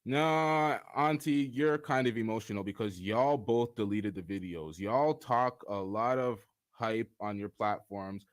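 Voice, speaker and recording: A man's voice: fairly low pitch, measured pace, few pauses. A man co-hosting a live stream. He reads out chat comments and answers them bluntly, with a lot of swearing.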